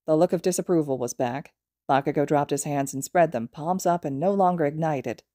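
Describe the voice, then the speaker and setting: Low, mellow woman reading a story. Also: a little fast, dry recording, clean studio sound. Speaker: podfic reader. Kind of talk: audiobook narration of fan fiction.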